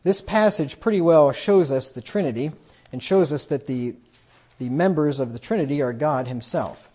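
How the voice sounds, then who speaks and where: A man's voice: on the high side, normal speed. Emphatic preacher man, lo-fi sound. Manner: emphatic, rises loudly when quoting scripture. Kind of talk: sermon. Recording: dull lo-fi recording.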